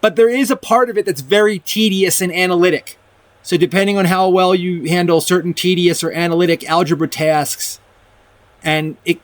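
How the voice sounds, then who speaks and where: A man with a fairly high voice walks through a math proof in a loose, conversational way, backing up and restarting his sentences as he goes. He reads from his notes and then adds comments of his own. The recording is dry and close, with no room sound. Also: dry recording. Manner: rambling, restarts often, reads from a document and comments. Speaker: math video presenter. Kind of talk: casual explanatory math lecture.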